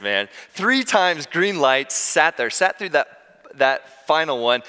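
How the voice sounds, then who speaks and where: A man preaching a sermon as pastor, telling stories in a conversational, animated way. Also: mid-range voice, moderate pace, big-room sound.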